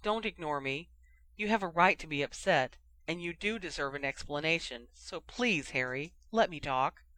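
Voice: mid-range voice, lively intonation, moderate pace, bright, forceful tone, no echo. Ginny, an earnest, blunt young woman as a reader puts her on. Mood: pleading. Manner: pleading, direct.

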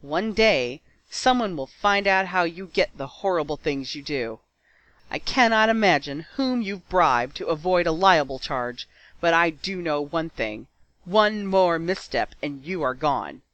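A man's voice: on the high side, lively intonation, measured pace, a bit bright, dry recording, lo-fi sound. A man voicing a young female reporter who speaks firmly and cuttingly. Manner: firm, cutting. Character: young female reporter, standing her ground.

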